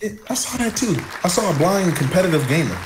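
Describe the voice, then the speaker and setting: A man's voice: sits high, animated, fast, noisy background. A man in his thirties, a gaming YouTuber, chatting casually as a podcast guest and laughing often. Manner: laid-back, laughs often. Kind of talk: casual chat.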